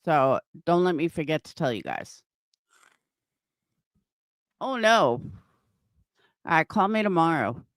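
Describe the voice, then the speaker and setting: A woman's voice: low-pitched, sing-song, slow, long pauses, no echo, clean studio sound. A middle-aged woman chatting casually on a live stream from home, swearing freely and answering viewers by name. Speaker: livestreamer and craft seller.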